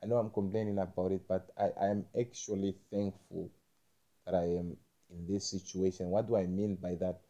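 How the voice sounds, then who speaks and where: A young man talking in a rambling monologue, halting and repeating himself, with frequent swearing. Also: deep voice, flat delivery, warm tone, muffled recording.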